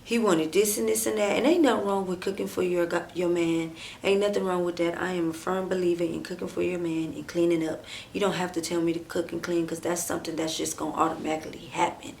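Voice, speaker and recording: A woman telling a personal story on her vlog, talking straight to her viewers with lots of "like" and "and stuff", acting out what people said and dropping to a hushed near-whisper at tense moments. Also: fairly low pitch, gravelly, a little hiss or hum. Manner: animated, talks straight to viewers and acts out quoted dialogue; drawn-out fillers and frequent "like", "and stuff". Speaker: storytime vlogger. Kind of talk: casual storytime chat.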